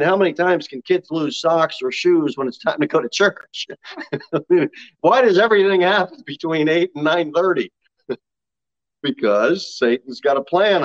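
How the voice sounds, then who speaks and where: Male pastor, lively pitch swings, folksy sermon delivery, muffled lo-fi recording. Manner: folksy, laughing asides between scripture readings.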